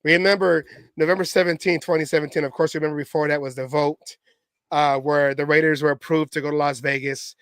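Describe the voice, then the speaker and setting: Sex: man. Origin: Oakland area. Role: sports podcast co-host. Style: casual storytelling. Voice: high, dry. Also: brisk, clean tone, dry recording. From Oakland area, California. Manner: animated, acts out chants in his stories.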